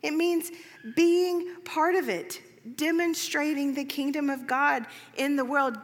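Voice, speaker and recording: Woman, preacher, sermon, conversational, high voice, long reverb. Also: slow. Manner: conversational storytelling, lively, many fillers.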